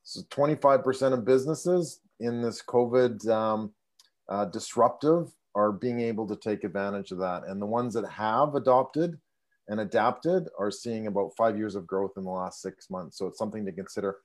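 A man's voice: on the low side, moderate pace. A man giving a polished self-introduction as a digital marketing agency owner on a video call. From Canada.

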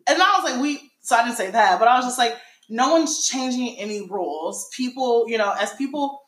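A woman's voice: a little high, fast talker, a bit bright. Blunt joking woman podcaster, echoey room. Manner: blunt, joking, profane storyteller. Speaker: podcast co-host. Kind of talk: casual podcast chat.

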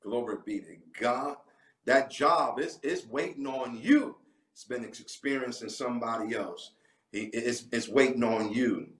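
A man's voice: mid-range voice, unhurried, a bit bright. A man preaching a livestreamed sermon with fervent delivery, breaking into sudden whooping exclamations. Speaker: pastor. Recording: echoey room, mic at a distance.

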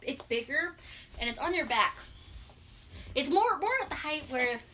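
A woman narrating a tabletop game as game master. She animates the scenes and drops low for suspense. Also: animated, normal speed, noisy background.

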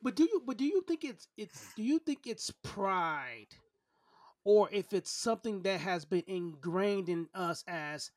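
A man's voice: sits high, lively intonation, moderate pace, no room sound. Earnest man, dry close sound. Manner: earnest, open, repeats words while searching for thoughts. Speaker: podcast host. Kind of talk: casual podcast conversation.

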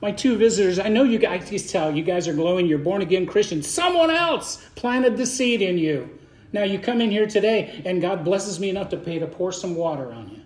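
Fervent Baptist pastor preaching in an echoey church. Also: male voice, sits high, animated, a little fast, darkish tone. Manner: fervent, folksy preaching with repeated words. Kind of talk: sermon. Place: church sanctuary.

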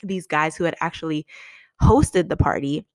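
A woman's voice: sits low, moderate pace, darkish tone, dry recording. A young woman casually telling a story, acting out the quoted lines with big jumps in her voice.

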